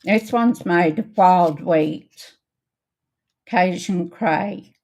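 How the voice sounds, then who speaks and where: Slow, gravelly older woman chatting while crafting. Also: on the low side, a little mellow. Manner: chatty and unhurried, with frequent ums, greeting viewers by name. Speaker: card-making livestream host. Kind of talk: casual crafting livestream chat.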